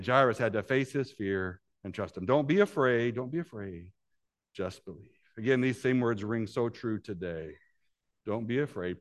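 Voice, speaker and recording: A man preaching a sermon as pastor, acting out voices from the Bible story and swinging between hushed, intimate lines and loud, climbing passages. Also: on the low side. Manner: acts out voices in Bible scenes.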